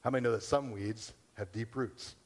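A man pastor preaches in a relaxed, conversational way, at a middling pitch, often slipping into the voices of people questioning themselves. His words ring out with a long reverb, as from a church sanctuary. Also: moderate pace. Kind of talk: sermon.

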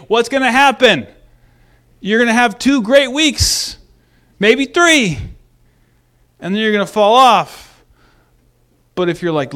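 Male preacher, higher-pitched voice, animated sermon delivery swinging from loud to hushed. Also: normal speed. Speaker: pastor.

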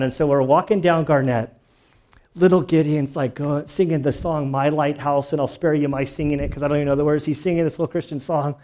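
A man's voice: on the high side, dark tone. A middle-aged male pastor delivering a sermon in an earnest, personal way. He mixes scripture with his own life stories, and his voice at times catches with emotion.

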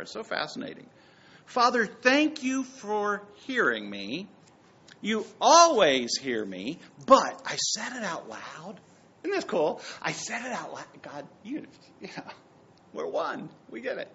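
A male pastor preaching a sermon, swinging between hushed lines and loud bursts and acting out the quotes. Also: high voice, gravelly. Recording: dull lo-fi sound.

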